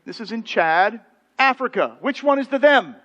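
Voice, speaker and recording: A man's voice: extremely high pitch, lively intonation, moderate pace, fairly bright tone, dull audio. A middle-aged American man preaching a sermon as pastor, telling anecdotes with quoted voices. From United States. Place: church sanctuary.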